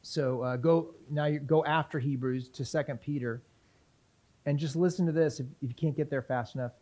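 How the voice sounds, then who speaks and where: Male pastor teaching scripture, higher-pitched voice, casual questions to the congregation. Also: steady tone, normal speed, warm tone. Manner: conversational teaching with questions to the audience; reads scripture aloud. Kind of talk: sermon, Bible teaching.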